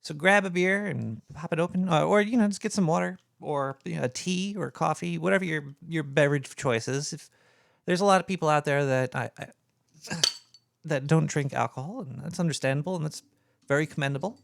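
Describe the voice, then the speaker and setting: A man's voice: a little high, a little fast, vocal fry, no room sound, clean studio sound. A man hosting a casual late-night radio show, rambling and stumbling easygoing through his greetings.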